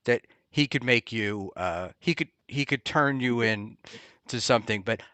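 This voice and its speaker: A man hosting a casual talk show, rambling and halting with many ums and restarts. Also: medium pitch, pushed and bright, clear, resonant tone, dry recording. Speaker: podcast host. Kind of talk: casual chat. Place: Hoboken area, New Jersey.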